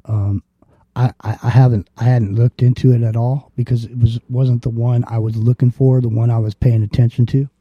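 A man hosting a talk radio show, ranting casually and profanely and acting out street confrontations in quick quoted voices. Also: mid-range voice, level tone, slightly rough, dry recording, highs cut off.

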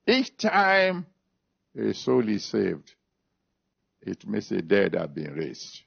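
Slow, gravelly emphatic preacher man. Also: fairly low pitch, huge pitch swings. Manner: emphatic, slow, repeats scripture references. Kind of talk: sermon with altar call and prayer. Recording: dull lo-fi recording.

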